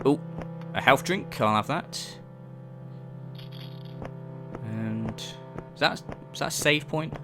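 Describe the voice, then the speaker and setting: A young man giving jokey, sarcastic let's-play commentary, swearing casually as he explores. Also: medium pitch. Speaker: gaming YouTuber.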